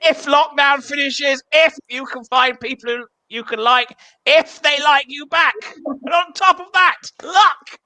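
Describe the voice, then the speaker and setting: An English guest comedian chatting casually, self-deprecating and quick to laugh. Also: sits high, bright, forceful tone, no echo. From England. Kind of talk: casual chat on a comedy show.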